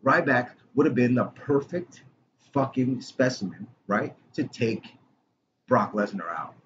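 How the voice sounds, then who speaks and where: Excitable man talking wrestling. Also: mid-range voice, measured pace. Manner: excitable, swears a lot, says bro and dude. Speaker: podcast co-host. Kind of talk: casual chat about wrestling. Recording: lo-fi with clear background noise.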